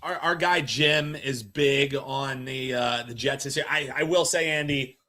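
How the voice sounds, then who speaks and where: Male co-host, bright and forceful tone, upbeat hype-man reactions, casual banter. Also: mid-range voice, unhurried. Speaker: sports betting show co-host. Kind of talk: casual chat.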